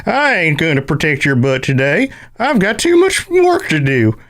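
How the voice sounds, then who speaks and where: A man voicing a cranky old Texas prospector with an exaggerated Texan drawl, gruff and slow. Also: a little high, huge pitch swings, fairly bright tone, exaggerated voice.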